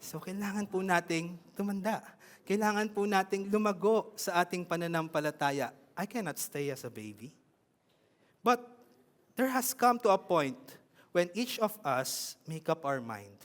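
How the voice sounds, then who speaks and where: A man with a Filipino accent preaching a sermon in an animated way, often asking his congregation questions. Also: high-pitched, moderate pace, big-room sound.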